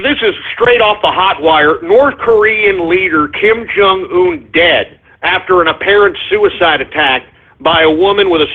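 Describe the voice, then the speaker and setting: Brash man hosting talk radio, high husky voice, tinny phone-quality sound, profane and mocking. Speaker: radio show host.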